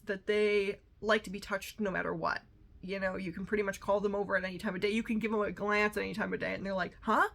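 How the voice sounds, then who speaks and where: Speaking in a medium-pitched, slightly bright voice, a female podcast host chats solo and casually. She's amped up on coffee, sassy and rambling, with plenty of fillers.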